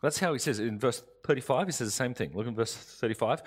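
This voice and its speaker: A man preaching a sermon as pastor, earnest and emphatic, rising in force and then dropping to soft, slow phrases. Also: medium pitch. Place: church or studio, recorded for online service.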